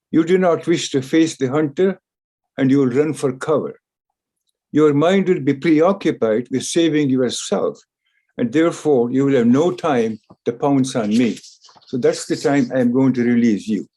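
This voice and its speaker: A man voicing a cautious, clever male mouse who answers calmly and deliberately in a spoken story. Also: mid-range voice, lightly acted. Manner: calm, measured, reasoning.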